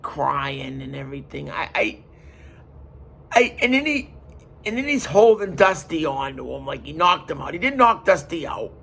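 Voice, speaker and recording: A man hosting a podcast, retelling a story in an animated, emphatic way. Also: fairly high pitch, moderate pace, creaky, breathy edge. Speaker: podcast host. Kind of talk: casual storytelling.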